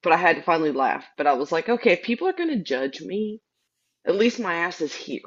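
A woman chatting casually on a horror podcast, giggly and animated. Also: on the low side, quick pace. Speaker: podcast co-host. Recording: dull lo-fi mic.

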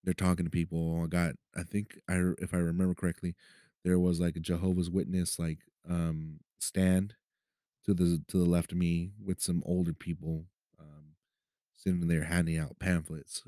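Low-voiced man telling a story casually. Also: little pitch movement, normal speed, mellow, dry recording, clean studio sound. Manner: profane, conversational, keeps checking in with "right?". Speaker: podcast host. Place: city of Los Angeles.

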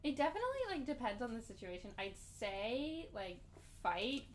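A woman's voice: a little high, expressive, normal speed, slight background noise, low-quality recording. A young woman chatting casually as a podcast guest, with lots of "like" fillers. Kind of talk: casual chat.

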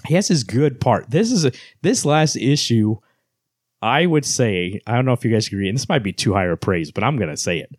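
A man's voice: mid-range voice, lively intonation, brisk, no room sound, clean studio sound. A man co-hosting a casual book club podcast, retelling scenes and reading passages aloud with many fillers. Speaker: podcast co-host.

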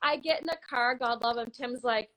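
Bright, high-voiced Canadian woman storyteller. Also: normal speed, low-quality recording. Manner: animated, laughing, bursts into shouts when reenacting. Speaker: guest telling a story. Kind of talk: casual storytelling.

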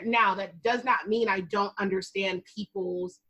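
A woman's voice: medium pitch, steady tone, measured pace, bright, forceful tone, highs cut off. A woman co-hosting a casual podcast chat, telling candid stories and laughing often. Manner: candid, laughs a lot, storytelling.

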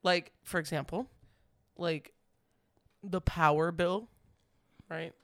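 A man co-hosting a podcast in casual chat, chatty and quick to laugh, with lots of fillers. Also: fairly high pitch, fairly even intonation, fairly bright tone. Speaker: podcast co-host.

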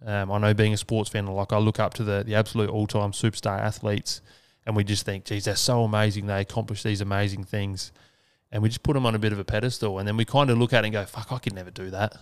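A man's voice: lowish voice, flat delivery, fast, smooth, no room sound. An Australian man hosting a solo podcast, talking casually and earnestly, swearing freely. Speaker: podcast host.

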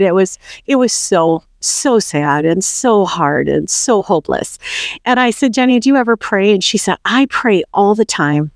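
A middle-aged woman guest telling a personal faith story in an animated way, acting out the quoted voices. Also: fairly low pitch, dry recording, clean studio sound. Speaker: podcast guest.

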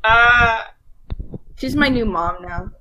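A woman's voice: a little high, slow, sharp tone, muffled recording, a little hiss or hum. A woman telling a funny story in a casual group chat, giggling as she goes. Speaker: guest.

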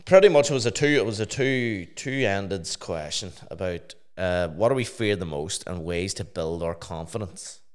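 Low, smooth-voiced man. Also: animated, moderate pace, few pauses. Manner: swears freely, storytelling in a low mumble. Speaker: podcast co-host, DJ. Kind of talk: casual podcast chat.

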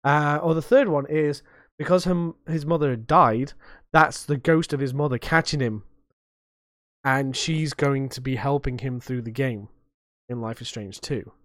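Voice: mid-range voice, steady tone, a little slow, no echo. Sweary podcast host, dry sound. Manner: sweary, rambling, self-mocking. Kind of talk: casual podcast chat.

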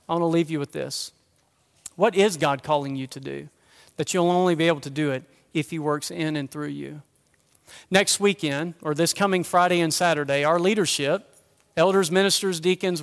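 A man preaching a sermon as a pastor, with a conversational, self-deprecating manner that turns quiet and earnest. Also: sits high, clean tone, in a large hall. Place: church sanctuary.

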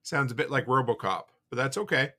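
A man hosting a live call-in podcast, chatting casually and relaxed, with the odd curse word. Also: mid-range voice, fairly quick, noisy background. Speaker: podcast host taking live calls.

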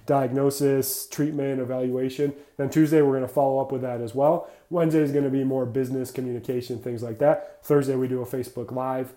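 A man talks through a casual podcast monologue in a mellow, darker voice. He is blunt and energetic, fills his talk with "like" and drifts from point to point. The room around him is echoey. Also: mid-range voice, brisk, hardly any pauses. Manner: energetic, blunt, rambling, says "like" often. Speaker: podcast host for clinicians.

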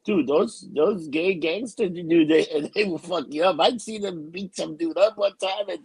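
A man co-hosting a podcast, chatting emphatically and repeating himself, with a gravelly, husky voice. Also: a little high, unhurried, a little mellow, dry recording. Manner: emphatic, repeats himself, says dude a lot. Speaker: podcast co-host. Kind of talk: casual banter.

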